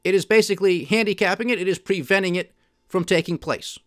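A man's voice: high-pitched, quick pace, no room sound, studio quality. A man hosting a podcast, giving emphatic, indignant solo commentary on policy and markets. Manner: emphatic, indignant, mocking quoted officials. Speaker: podcast host.

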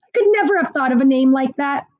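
A woman's voice: high-pitched, expressive, quick pace, no echo, dull audio. A woman voicing a mild, slightly sheepish father. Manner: mild, lame.

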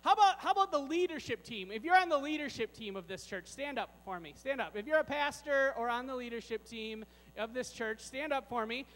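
Guy doing the kids sermon in a big church, really high voice, goofy and joking around, long hall echo and some hum. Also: a little fast, a bit bright. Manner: playful, joking with kids and congregation. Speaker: children's sermon leader. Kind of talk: children's sermon. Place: large church sanctuary.

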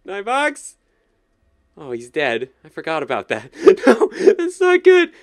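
A man hosting a video game commentary, excitable, swinging between yelling and pleading and quiet muttering. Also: sits high, measured pace. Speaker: gaming video host.

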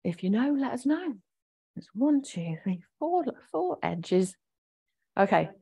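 A woman's voice: on the high side, sing-song, measured pace, vocal fry, mellow, slightly rough. Chatty woman leading exercises. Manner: encouraging, chatty, explains each movement. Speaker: fitness instructor. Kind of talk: guided exercise class.

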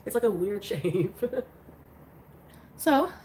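A woman's voice: mid-range voice, lively intonation, very slow, dark tone, slight background noise, poor audio. A woman chatting casually on a livestream, congested and drowsy from flu medicine, rambling with lots of fillers and small laughs. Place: bedroom.

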